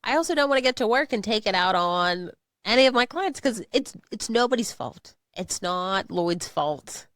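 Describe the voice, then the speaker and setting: A woman's voice: medium pitch, animated, moderate pace, fairly bright tone, no echo, studio quality. A woman co-hosting a podcast, talking candidly and expressively, often laughing through hard subjects. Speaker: podcast co-host. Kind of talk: casual podcast chat.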